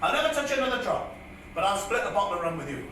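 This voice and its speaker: A man reciting a comic ballad, voicing a ragged, proud old male tramp in a loud, echoey room. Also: high voice, very animated, racing, slight background noise, heavily acted. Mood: defiant. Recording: echoey room heard from far off.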